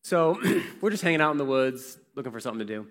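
A male pastor preaches fast in a relaxed, story-driven sermon, asking the congregation questions along the way. His pitch rises and falls widely with animation, and his voice fills a large church hall with long, lingering reverb.

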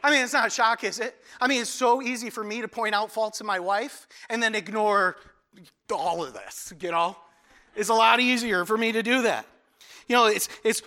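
A man preaching a conversational sermon, acting out little quotes and dropping to soft, intense tones for emphasis. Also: high voice, normal speed. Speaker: pastor.

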